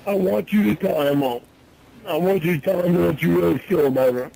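A man with a notably high-pitched voice in a heated phone argument. He yells, swears heavily, and repeats himself in angry bursts. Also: a little fast, creaky, rough recording. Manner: yelling, heavy swearing. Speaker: caller in archived phone recording.

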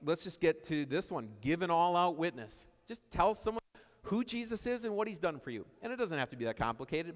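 A man preaching a sermon in a church, telling stories in a conversational way and repeating his key phrases. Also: high-pitched. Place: church sanctuary. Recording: long church reverb.

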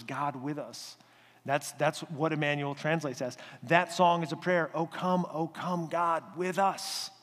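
A male pastor giving a conversational, animated sermon in a church sanctuary. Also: fairly high pitch, long reverb tail.

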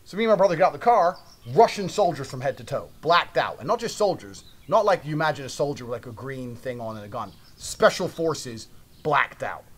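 A man from Britain telling a brash, profane story with heavy emphasis. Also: mid-range voice.

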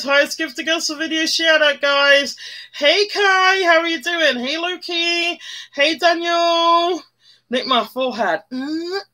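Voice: high voice, pushed and bright. A person chatting casually on a livestream while doing makeup, greeting viewers by name and humming along. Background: faint music.

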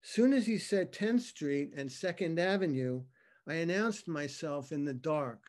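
A man reads his narrative poem over a video call. His voice sits high for a man, and he takes it slowly, drawing out each line with dramatic weight. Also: expressive, darkish tone. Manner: slow, dramatic reading with acted dialogue. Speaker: poet reading his work. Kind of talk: poetry reading.

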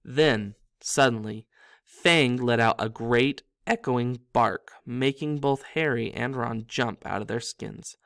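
A man's voice: mid-range voice, slow, creaky, a bit bright, no room sound, studio quality. A man reading a novel aloud as a storyteller, with small slips that he corrects himself. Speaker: reader.

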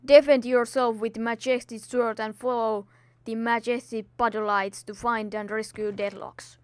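Woman gamer, high voice, theatrical put-on delivery, scolds enemies, non-native english phrasing. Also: level tone, measured pace, smooth, no echo. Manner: dramatic put-on recording voice. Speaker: gaming video host. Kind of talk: Minecraft let's play commentary.

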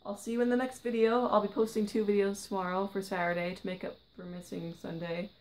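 A woman vlogger reading her own short story aloud, quiet and gentle. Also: medium pitch, little pitch movement, fast talker, rough recording.

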